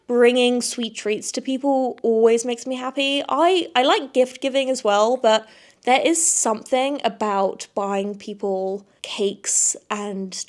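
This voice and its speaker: Chatty young Englishwoman, fairly high voice. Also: a little mellow. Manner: chatty, effusive, repeats words for emphasis. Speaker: podcast host. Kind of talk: casual solo podcast chat.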